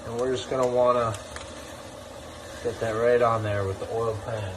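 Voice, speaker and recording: A man's voice: medium pitch, little pitch movement, moderate pace, noisy background. A man casually talking through a recipe as he cooks in his home kitchen, in a chatty, joking way. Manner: chatty, jokey, upbeat. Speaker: home cooking vlogger. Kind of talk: casual cooking demo.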